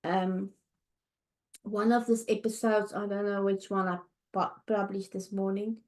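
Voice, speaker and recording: A woman's voice: mid-range voice, level tone. Tired, tearful woman hosting a podcast. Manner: heartfelt, halting, with restarts and soft fillers. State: tired and near tears. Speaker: podcast host. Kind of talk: emotional personal monologue. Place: home, early morning.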